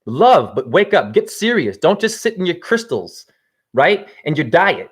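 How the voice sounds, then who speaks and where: Casting note: man in his forties, high voice with wide swings, livestream spiritual monologue, profane. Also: very animated, measured pace, husky. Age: 40s. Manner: swings from low preaching to high shouts, swears. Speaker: spiritual teacher.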